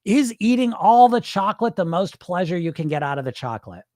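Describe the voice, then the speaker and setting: A man's voice: high voice, sing-song, brisk, darkish tone, no echo, clean studio sound. A man coaching on weight loss in a livestream, answering chat in a blunt, profane, fired-up way.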